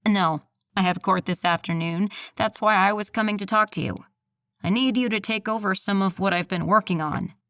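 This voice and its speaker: A woman plays a nasal, snide male coworker in an audiobook, a man who nags and taunts with slow, condescending lines. His pitch sits in the middle, and the recording is close and dry with no room sound. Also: fairly bright tone, no echo, close to an everyday voice.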